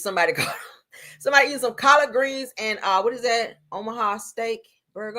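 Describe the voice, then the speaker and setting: A woman's voice: a little high, expressive, fairly quick, bright, forceful tone. A middle-aged woman with hosting a live stream, chatting casually and saltily with her viewers and laughing often. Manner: chatty, salty, laughs often, talks to chat. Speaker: livestream host.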